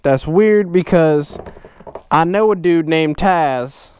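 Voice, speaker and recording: A young man vlogging as he opens fan mail, excitable and swearing a lot, breaking into shouts. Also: a little high, slow, a little hiss or hum. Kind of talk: casual profane vlog chat.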